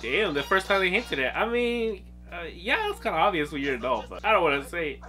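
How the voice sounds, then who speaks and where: A woman's voice: on the low side, big pitch swings, fast talker, fairly bright tone, soft background music. A woman hosting a reaction video, commenting casually with frequent exclamations, slang and laughter. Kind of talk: casual commentary over a cartoon. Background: faint cartoon audio.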